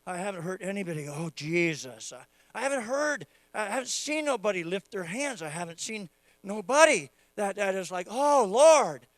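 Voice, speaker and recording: A man preaching a sermon, moving from casual teaching to loud, fervent prayer. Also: sits high, animated, a little fast, no room sound, clean studio sound. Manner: acts out quoted voices of God playfully. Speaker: pastor.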